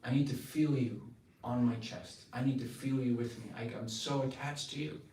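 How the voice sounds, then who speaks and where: A man's voice: medium pitch, moderate pace, close to an everyday voice. A man voicing a tender, devoted male god who pleads earnestly with his wife, in a roomy space picked up from a distance. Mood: pleading. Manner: earnest, pleading, soft-spoken. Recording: roomy, distant mic, faint noise.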